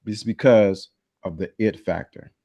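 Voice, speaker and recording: A man's voice: fairly low pitch, steady tone, measured pace, warm tone. A man in a casual group chat on a video call, laid-back and amused.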